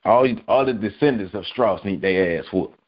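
A man's voice: on the low side, moderate pace, muffled recording, a little hiss or hum. A man hosting a podcast, delivering a profane, heated weekly rant. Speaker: podcast host.

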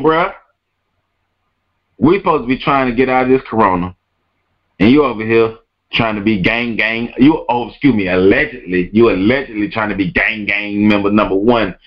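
A man's voice: on the low side, highs cut off. A man hosting a podcast, ranting emphatically and repeating his words and phrases. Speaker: podcast host. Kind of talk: podcast rant.

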